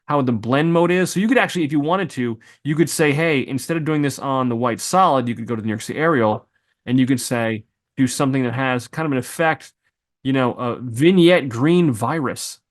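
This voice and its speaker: Man talking through a software tutorial. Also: mid-range voice, a little fast. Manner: thinking aloud while clicking, loose asides and exclamations. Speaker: video editing instructor. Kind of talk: screen-recorded software tutorial.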